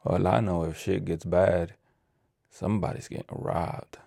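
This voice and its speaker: Philly guy ranting, super low gravelly voice, cusses a lot, trips over words, dry close mic. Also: steady tone, measured pace, mellow, no room sound. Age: adult with a child. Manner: profane, rambling, stumbles over words while reading. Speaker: vlogger. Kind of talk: casual ranting monologue.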